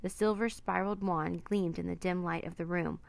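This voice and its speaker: A woman reading a children's chapter book aloud, steady and clear. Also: fairly low pitch, normal speed. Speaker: narrator. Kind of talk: storybook read-aloud.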